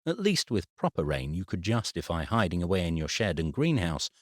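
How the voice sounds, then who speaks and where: A British man narrating a family comedy audiobook, his voice very low yet moving up and down a lot. The recording is close and dry, with no room sound. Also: sing-song, brisk, no room sound. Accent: British English. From England. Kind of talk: scripted narration.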